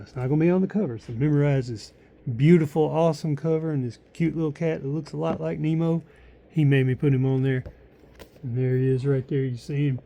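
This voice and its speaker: Gravelly, chatty man rambling to camera. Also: mid-range voice, mellow. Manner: rambling, chatty, with many likes and restarts. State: tired. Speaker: author showing his new book. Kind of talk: casual chat to camera.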